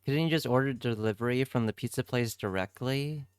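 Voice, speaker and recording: A man's voice: mid-range voice, fairly quick, smooth, no room sound, clean studio sound. A man streaming live, chatting casually with his viewers, swearing freely and answering their messages.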